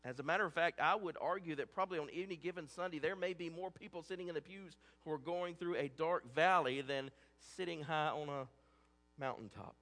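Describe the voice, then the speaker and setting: A man's voice: on the high side, brisk, fairly bright tone, big-room sound. A man preaching a sermon as a pastor, earnest and conversational, often restarting his words.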